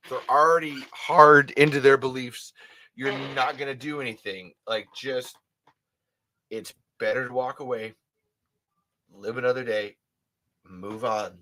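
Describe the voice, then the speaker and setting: A man's voice: medium pitch, sharp tone. A man in his thirties hosting a casual livestream, rambling emphatically with many restarts and frequent swearing. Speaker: livestream host.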